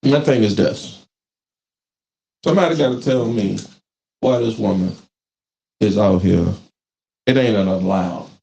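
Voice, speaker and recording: Speaking in a lowish, creaky voice, this podcast host keeps a measured pace broken by long pauses. He's telling stories live in an animated way, full of profane, casual slang, and the recording has room echo plus faint noise.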